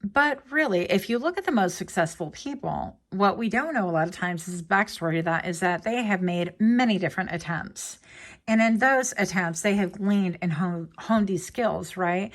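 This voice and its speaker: Brief: woman, tarot reader, rambling, playful, mid-pitched voice. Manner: chatty, digressive, playful asides. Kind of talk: casual pick-a-card tarot reading.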